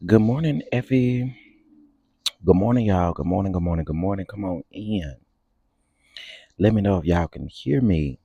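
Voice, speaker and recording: A man's voice: sits low, normal speed, creaky, long pauses, dark tone, breathy edge, no room sound, lo-fi sound. A man hosting a casual morning livestream outdoors, greeting viewers by name in a playful, chatty, sing-song way. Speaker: livestream host.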